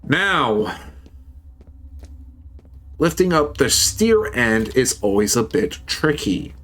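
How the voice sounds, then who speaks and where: A man's voice: mid-range voice, very animated, slow pace, a bit bright. A man streaming, telling a story in a casual, heated, profane way.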